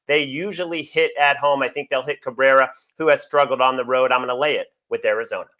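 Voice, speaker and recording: A man giving baseball betting picks, confident and rattling off stats in quick succession. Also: medium pitch, steady tone, pushed and bright. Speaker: sports betting analyst.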